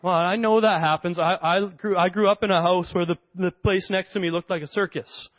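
A male pastor preaching a sermon, telling stories in an animated way and laughing often. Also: high voice, brisk, no echo. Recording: dull lo-fi dry sound.

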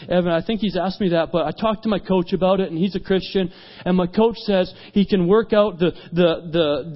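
A male youth pastor preaching, telling stories and acting out dialogue with rising intensity. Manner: animated, acts out dialogue, rises in pitch and volume at climaxes. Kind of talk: sermon with storytelling. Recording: dull lo-fi sound.

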